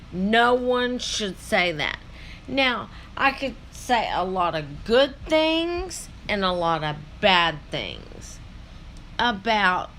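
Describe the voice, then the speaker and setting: Slow, lively-voiced woman rambling. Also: mid-range voice, a little hiss or hum. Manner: rambling, with many fillers. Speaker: reaction video host. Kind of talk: casual reaction commentary.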